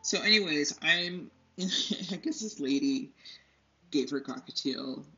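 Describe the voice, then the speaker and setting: A woman's voice: sits low, lively intonation, takes it slowly, pushed and bright. A young woman hosting an art tutorial, chatting casually while she paints at home, rambling, losing her train of thought and laughing often. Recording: slightly dull lo-fi sound.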